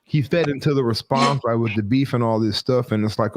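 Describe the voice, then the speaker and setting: A man on a casual podcast panel, quick and jokey, often talking over the others. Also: mid-range voice. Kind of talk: casual debate among friends.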